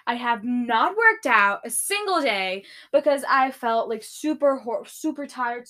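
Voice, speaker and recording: A young woman hosting a casual solo podcast, ranting loudly with swearing and sudden screams while tidying her room. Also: on the high side. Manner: swearing, loud outbursts and screaming. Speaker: podcast host.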